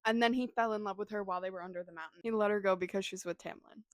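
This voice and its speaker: A woman's voice: medium pitch, steady tone, racing, no room sound. Young woman book vlogger, casual and emotional, recounting plots with a dry, close sound. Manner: gushing, emotional, dramatic reactions. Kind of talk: casual reading vlog.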